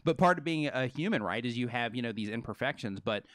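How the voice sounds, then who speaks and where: A man co-hosting a live stream, rolling along at a fast, energetic clip and packing his talk with "you know" and "right". His voice sits mid-range, and the close mic leaves it dry with almost no room sound. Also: mid-range voice, no room sound. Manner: fast, energetic, filler-heavy. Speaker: co-host.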